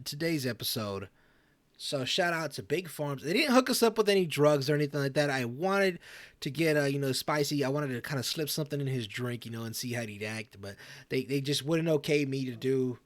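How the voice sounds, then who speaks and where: A man's voice: fairly high pitch, animated, moderate pace, dry recording, studio quality. A man co-hosting a role-played talk show, joking around, repeating himself and giggling.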